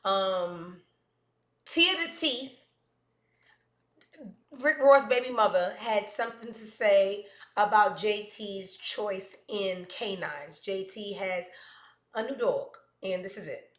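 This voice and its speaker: A woman's voice: mid-range voice, slow, roomy sound. A woman hosting a casual livestream, chatting in a rambling, profane way with plenty of asides. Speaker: host.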